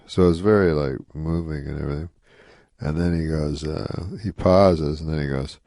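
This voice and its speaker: A comedian telling a long, rambling anecdote in a casual interview, deadpan and full of "you know" asides. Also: male voice, a bass voice, normal speed, no echo, clean studio sound. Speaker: comedian guest telling a story.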